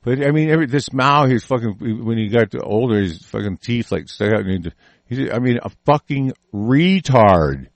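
A man with a gravelly, rough voice rants angrily, swearing constantly and breaking off to restart his thoughts. His delivery is dry and close, with no room sound around it. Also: mid-range voice, expressive, normal speed, dry recording. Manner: angry, profane, rambling with restarts. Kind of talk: profane ranting commentary.

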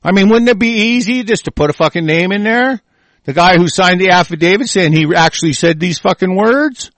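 A man's voice: high voice, a little fast, fairly bright tone, no room sound. A man angrily ranting with constant swearing, reading news reports aloud and breaking in to attack them. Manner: profane, furious, reading news aloud and interrupting it. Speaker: commentator. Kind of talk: angry ranting commentary.

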